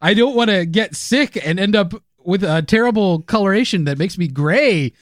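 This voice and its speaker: A man's voice: high voice, lively intonation, moderate pace, no echo, clean studio sound. A man co-hosting a comedy podcast, joking around, laughing often and playing with words. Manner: jokey, laughs often, playful wordplay. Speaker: podcast co-host. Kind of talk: comedic casual chat.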